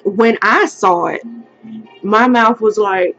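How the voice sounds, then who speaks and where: A young woman telling a vlog storytime with emotion, breaking into high, tearful voices when she quotes herself. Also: takes it slowly, fairly bright tone, dull audio, faint music behind. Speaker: vlogger.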